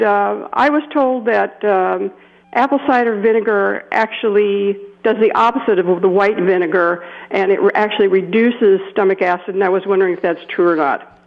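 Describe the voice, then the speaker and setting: A woman calling in to a radio show, asking a question with a lot of hesitation. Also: mid-range voice. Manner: hesitant, full of "um" and "uh". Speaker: caller. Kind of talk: phoning in a question. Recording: dull phone line.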